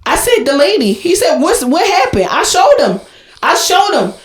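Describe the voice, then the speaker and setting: A young adult woman co-hosting a podcast, ranting loudly and profanely in an overdramatic comedic tirade. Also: high-pitched, very animated, normal speed. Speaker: podcast co-host. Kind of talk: comedic rant. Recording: roomy echo.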